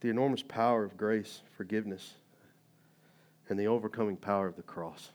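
A man preaching a sermon in a conversational, animated way, full of fillers and rising emphatic bursts. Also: on the low side, fairly quick. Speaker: pastor.

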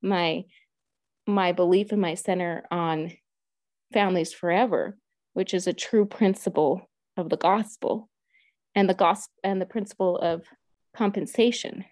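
Woman, 30s, earnest personal storyteller; mellow tone, dry close sound. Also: fairly low pitch, steady tone, a little slow, long pauses, no echo. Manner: earnest and heartfelt, quoting her own prayers. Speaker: guest sharing a personal story.

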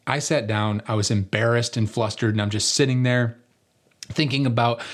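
A man, a lead pastor, giving a sermon in a conversational storytelling way. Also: on the low side.

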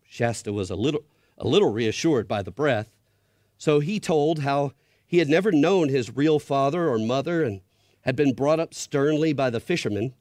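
A man's voice: medium pitch, moderate pace, no echo, clean studio sound. A middle-aged man and father of grown children reading a story aloud with drama to an audience. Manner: expressive, dramatic read-aloud.

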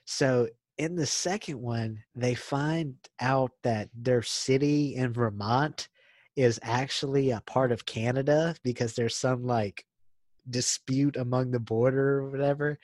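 A man's voice: medium pitch, steady tone, measured pace, darkish tone, dry recording. A young man co-hosting a podcast, chatting casually and eagerly retelling movie scenes, saying "dude" a lot. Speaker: podcast co-host. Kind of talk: casual chat.

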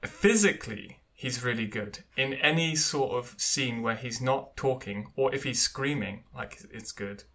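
Bright-voiced chatty man. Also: mid-range voice, expressive, unhurried, few pauses. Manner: chatty, hesitant with many fillers. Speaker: podcast co-host. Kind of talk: casual chat.

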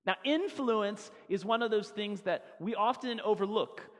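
A fairly high-voiced man preaches from the pulpit, telling his story casually and doubling back on his words. His voice rings out with a long reverb from the church hall around him. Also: normal speed, fairly bright tone. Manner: conversational, repeats words as he builds the story. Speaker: pastor. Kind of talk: sermon storytelling. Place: church sanctuary.

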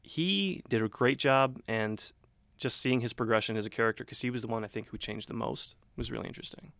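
A man with a mid-range voice gives relaxed opinions in a movie discussion, agreeing easily and laughing softly. The sound is close and dry. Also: mid-range voice, brisk, vocal fry, no room sound. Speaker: co-host. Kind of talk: casual movie review chat.

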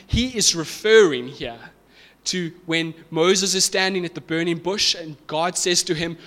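A man's voice: on the high side, normal speed, a bit bright. A man preaching a sermon to a congregation, explaining scripture with emphatic, rising intensity. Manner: emphatic, builds to raised fervent peaks. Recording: reverberant hall.

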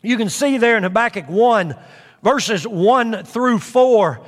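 A man's voice: high-pitched, lively intonation, slow, in a large hall. A man preaching a sermon in an earnest way, repeating phrases for emphasis with frequent fillers.

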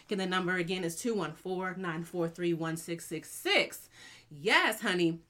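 Bright-voiced woman podcast host. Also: on the low side, moderate pace. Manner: lively, chatty, calls listeners honey and y'all. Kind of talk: casual podcast chat. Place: home studio.

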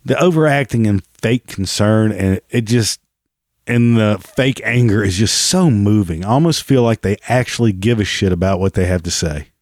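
Reaction vlogger, male, low and dry, heavy sarcasm and cursing. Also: animated, normal speed, darkish tone, no room sound. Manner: sarcastic and profane. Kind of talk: casual reaction commentary.

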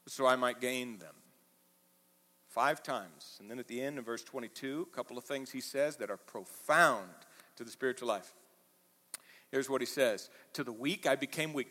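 Impassioned preacher in a reverberant hall. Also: male voice, mid-range voice. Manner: animated preaching, swinging from quiet to loud. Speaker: pastor. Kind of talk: sermon. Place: church auditorium.

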